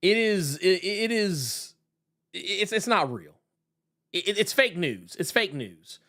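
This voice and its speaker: A young man hosting a podcast, chatting in an excitable, slangy way and often restarting his sentences. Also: high voice, slow pace. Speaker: podcast host. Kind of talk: casual pop-culture chat.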